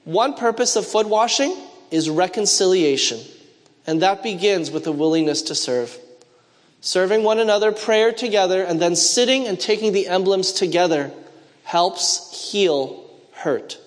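A high-pitched man preaches a sermon in a church, his voice carried on a long hall reverb. He mixes personal stories with questions that he throws out to the congregation to answer. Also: lively intonation, unhurried. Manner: storytelling with call-and-response questions.

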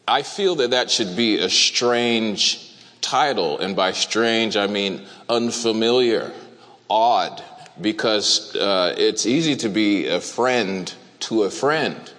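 A man preaching a sermon to a congregation, speaking deliberately and asking them questions. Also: lowish voice, a bit bright. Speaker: pastor. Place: church hall. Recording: reverberant church hall.

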